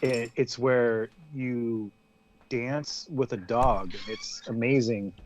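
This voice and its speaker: A man's voice: medium pitch, slow, highs cut off, slight background noise. A man chatting casually on a podcast, telling a rambling story with lots of ums and restarts. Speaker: podcast co-host.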